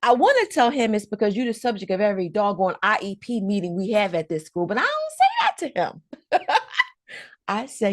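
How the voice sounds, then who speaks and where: A woman, an educator telling colleagues a story about a student in an animated storytelling way and acting out the voices. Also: medium pitch, a little fast. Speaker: educator and trainer. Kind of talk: storytelling talk to fellow educators.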